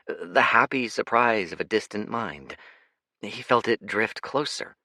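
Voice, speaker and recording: A man narrating an audiobook in a dramatic, expressive storytelling manner. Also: on the low side, unhurried, dry recording, studio quality. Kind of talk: scripted narration.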